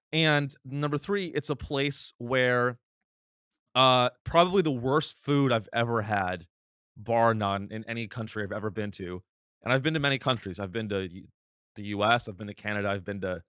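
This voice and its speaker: Deadpan man doing a rambling comedic monologue. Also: medium pitch, no echo, clean studio sound. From United States. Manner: rambling, deadpan, with frequent restarts. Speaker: comedian podcast host.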